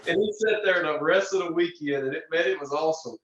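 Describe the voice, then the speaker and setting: A young man, a racer guest telling animated stories in a casual interview. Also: on the high side, quick pace. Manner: animated storyteller, frequent restarts and "man". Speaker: drag racer and podcast guest. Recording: distant, roomy, dull lo-fi sound.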